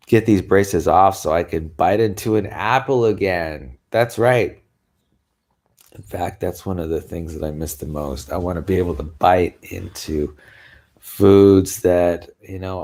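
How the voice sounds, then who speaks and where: His voice sits low, creaky and a touch mellow as this vlogger talks casually to camera. The chat rambles, with many laughs and sighs, and he's tired enough to yawn every so often.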